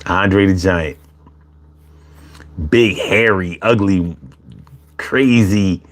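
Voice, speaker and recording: A man hosting a casual live chat, animated and profane, laughing often as he talks. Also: sits low, drawn-out words. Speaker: livestream host reading chat.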